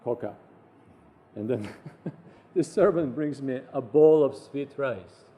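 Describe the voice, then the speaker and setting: A man recounting personal anecdotes in an animated way, acting out the voices of the people he quotes. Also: medium pitch, slow pace.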